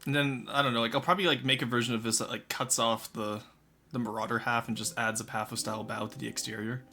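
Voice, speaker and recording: A man's voice: medium pitch, steady tone, quick pace, pushed and bright. A man streaming live, chatting casually with his chat while building in a game, rambling and swearing freely.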